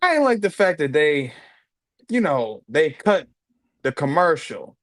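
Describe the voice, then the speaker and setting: A man's voice: on the high side, sing-song, measured pace, dry recording. A man co-hosting a casual wrestling podcast. He sounds hyped and emphatic and repeats lines for effect. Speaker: podcast co-host.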